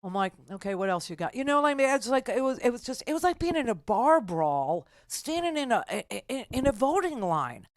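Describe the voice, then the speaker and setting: A woman's voice: sits high, big pitch swings, brisk, hardly any pauses, no echo, studio quality. An older woman hosting a political talk radio show, telling a story in a rambling, sarcastic way with many restarts.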